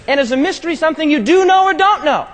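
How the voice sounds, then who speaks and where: Preaching a sermon in a strikingly high, expressive voice, a man often pauses so the congregation can fill in a word in call-and-response fashion. He shifts from loud, urgent emphasis to low, hushed tones, and a long reverb suggests a large hall.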